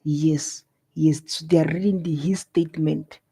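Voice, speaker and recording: A man's voice: fairly high pitch, fairly even intonation, measured pace, vocal fry, warm tone, breathy edge. A South African man hosting a live reaction video, exclaiming and scolding with a lot of repetition.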